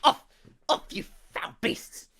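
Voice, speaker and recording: A man's voice: takes it slowly, sharp tone. A man voicing a grumpy, sleepy male halfling who is indignantly startled. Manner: indignant outburst.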